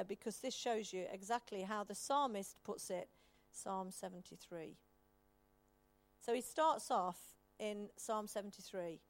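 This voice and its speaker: A woman's voice: on the high side, dry recording. A woman preaching a sermon, reading long scripture passages aloud and stopping to explain them to the congregation.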